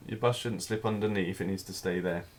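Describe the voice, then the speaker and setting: A man with a low voice talks a little fast while teaching figure drawing live. He thinks aloud in a relaxed way, describing each stroke as he makes it.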